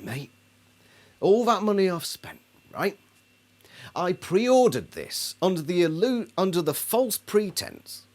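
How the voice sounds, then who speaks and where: Guy ranting at the camera, sarcastic and fed up, pitch jumps all over. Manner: indignant, sarcastic, mocks others in put-on voices. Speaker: album reviewer. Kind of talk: ranting video monologue.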